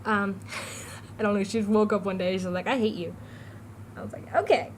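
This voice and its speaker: A woman's voice: medium pitch, little pitch movement, a little fast, a little hiss or hum, rough recording. A teenage girl vlogging, chatty and giggly, jumping from topic to topic. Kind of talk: casual rambling vlog.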